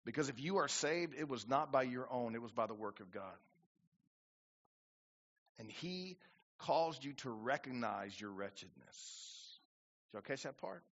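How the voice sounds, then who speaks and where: A man's voice: medium pitch, expressive, measured pace, long pauses, fairly bright tone. A man preaching a sermon as pastor, building to emphatic bursts and acting out quoted prayers. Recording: dull lo-fi church recording.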